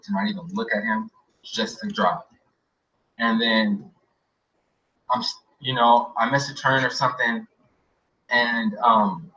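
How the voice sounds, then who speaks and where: A man tells a personal story in a loose, rambling way, full of fillers and quiet trailing asides. His voice is bright. The recording sounds dull and lo-fi. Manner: rambling, many fillers, often drops to a quiet low mumble. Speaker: interviewee recounting an experience. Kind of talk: casual storytelling. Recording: dull lo-fi audio.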